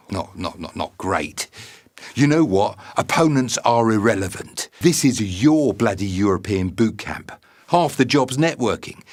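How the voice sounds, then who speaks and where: Brash teasing man, lowish voice. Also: a bit bright. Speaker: fighter sending a video message. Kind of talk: comedic scripted monologue.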